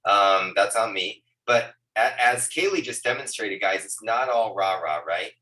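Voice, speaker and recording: Bright-voiced man rallying his sales team. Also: on the low side, unhurried, echoey room, recorded from a distance, rough recording. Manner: energetic, repeats words, asks "right, guys?". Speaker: agency leader hosting a team call. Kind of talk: motivational team huddle. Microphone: Bluetooth earbuds on a video call.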